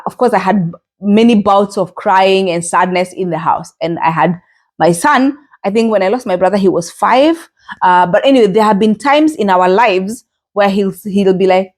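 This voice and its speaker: Earnest woman podcast host, gentle delivery. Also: medium pitch. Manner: earnest, gentle, many fillers and restarts. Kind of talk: reflective solo podcast talk.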